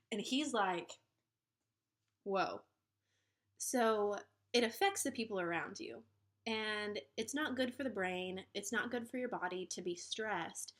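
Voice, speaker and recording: A young woman in her twenties talking earnestly to camera in a casual vlog, encouraging and reassuring, with frequent fillers and restarts. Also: mid-range voice. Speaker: vlogger giving relationship advice.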